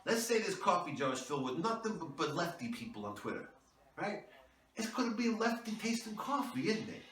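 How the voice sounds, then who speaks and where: A man's voice: high-pitched, sing-song, brisk, a bit bright, voice pushed up. A man playing a self-important, profane online free-speech warrior in a comedy sketch, talking in bombastic war terms. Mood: ranting. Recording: echoey, mic far off.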